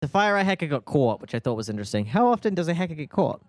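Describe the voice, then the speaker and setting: Kiwi dude cohosting a chat, bit high voice, swears a lot, dry close mic. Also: male voice, big pitch swings, very fast, darkish tone, no room sound. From New Zealand. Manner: sweary, sarcastic, laid-back. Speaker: podcast co-host. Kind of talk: casual chat.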